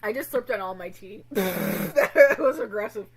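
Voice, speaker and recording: A woman streamer chatting casually with her viewers, animated and swearing a lot. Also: mid-range voice, a little slow, crowd noise, rough recording.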